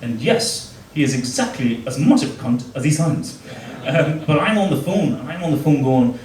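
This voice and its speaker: A middle-aged comedian telling crude, self-mocking stories on stage, his voice sitting a little high for a man. The sound is an echoey club room picked up from some way off the mic, with a faint hum of ambience behind. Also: lively intonation, normal speed, hardly any pauses, darkish tone, distant mic. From Northern Ireland. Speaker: stand-up comedian. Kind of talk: stand-up set.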